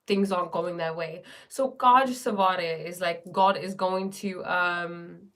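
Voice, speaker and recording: A woman's voice: on the low side, fairly even intonation, slow pace, a bit bright. Chatty woman hosting a livestream. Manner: chatty and rambling, many fillers, reads viewer comments aloud. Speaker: livestream host. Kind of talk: casual livestream chat.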